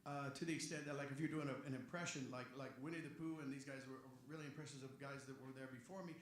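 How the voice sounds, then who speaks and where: A middle-aged man, a voice actor answering fan questions at a convention panel, joking and rambling with quick asides. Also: medium pitch, fairly even intonation. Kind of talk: convention Q&A chat. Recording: echoey convention hall.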